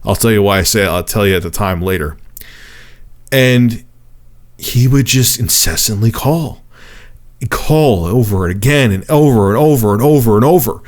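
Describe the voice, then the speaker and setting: A man in his thirties telling a personal story to camera as a vlogger, in a profane, animated way. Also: lowish voice, moderate pace.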